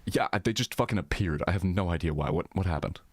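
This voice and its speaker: A male streamer with a deep, low voice chats loosely with his live audience, talking fast and expressively. He rambles in half-finished thoughts and swears freely while reacting to comments from viewers.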